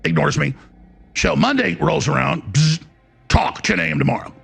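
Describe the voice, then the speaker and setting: A middle-aged man with a gravelly, raspy voice dramatically retells a dispute, mimicking the other person. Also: on the high side, animated, normal speed, a bit bright, soft background music. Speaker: show host recounting a dispute. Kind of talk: heated monologue clip.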